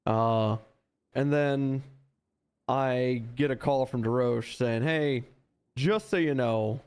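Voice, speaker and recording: A man's voice: mid-range voice, darkish tone. A man in an in-character roleplay conversation, telling what happened on a shift in an exasperated, profane way. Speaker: roleplay deputy recounting an incident.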